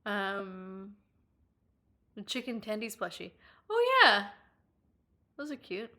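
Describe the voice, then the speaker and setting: A young Irish woman hosting a live stream, chatting casually with viewers and reading their comments, giggling often, swearing freely and squealing when she gets excited. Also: medium pitch, slow. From Ireland.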